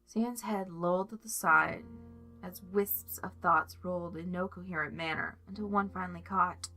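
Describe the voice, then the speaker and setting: A woman narrating a fan fiction story aloud at a calm, measured pace. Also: fairly low pitch. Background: soft music.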